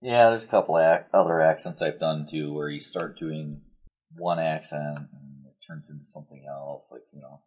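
A man hosting a casual podcast chat, cracking dry jokes. His voice sits very low and has a husky grain. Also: normal speed, a little mellow, rough recording. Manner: dry, joking. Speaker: podcast host.

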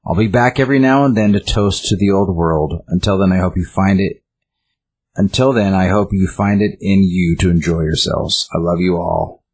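Guy reading as a serene, all-powerful host, low and husky, measured and soothing. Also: a little mellow. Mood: gentle. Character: calm godlike male host ending the world.

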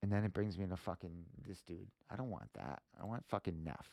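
Clicking through a website for his livestream viewers, a podcast host thinks aloud, cursing often and leaning on fillers. He has a deep, warm voice with vocal fry, delivered in a brisk, animated way in a dry recording.

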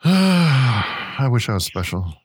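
A man's voice: medium pitch, very animated, slow pace, slightly rough, dry recording, clean studio sound. An American man in his thirties, co-hosting a podcast in casual chat, joking, swearing often and acting out quotes. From United States. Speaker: podcast co-host.

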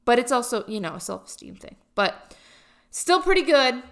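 A very animated young woman with a fairly high, fairly bright voice talks at a moderate pace. As a college student vlogger, she chats casually to camera in a rambling, self-mocking way, heavy on fillers.

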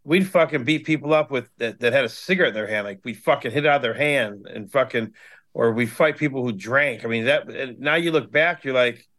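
Man, 50s, from cleveland, podcast guest, blunt, swears constantly, mid-pitched voice. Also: fairly quick, a bit bright. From Cleveland, USA. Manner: blunt and heavily profane storytelling. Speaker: guest, hardcore band member. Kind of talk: casual podcast chat.

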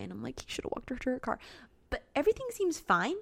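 A woman's voice: mid-range voice, no echo. A young woman co-hosting a podcast, chatting casually about a film and acting out characters' lines. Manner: chatty, animated, quick to act out characters' lines. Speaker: podcast co-host. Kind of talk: casual chat recapping a film.

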